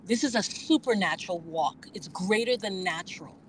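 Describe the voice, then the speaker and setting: A woman speaks earnestly and thoughtfully about faith, at a middling pitch. She talks over a Bluetooth phone link from her car, with a faint hum of noise behind her voice. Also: normal speed, rough recording. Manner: earnest, reflective, with sudden animated outbursts. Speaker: guest. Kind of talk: candid faith conversation. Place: driving in a car.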